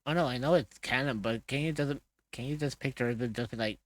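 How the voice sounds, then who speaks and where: A man's voice: mid-range voice, fairly quick, no room sound. Laid-back swearing male streamer. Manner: laughs often, swears casually, hums while working. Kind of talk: casual chat while drawing on stream.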